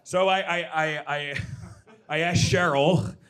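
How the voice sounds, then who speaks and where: Man, stand-up comedian, fairly high voice, energetic, shouted impressions, club stage. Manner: energetic, with loud shouted impressions and quick asides.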